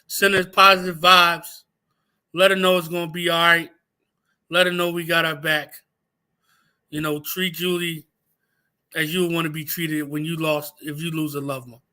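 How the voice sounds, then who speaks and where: A livestream host delivers an angry rant full of profanity, heated and repeating phrases for emphasis. His voice is a little high and pushed-bright, with a level tone, moderate pace, and long pauses.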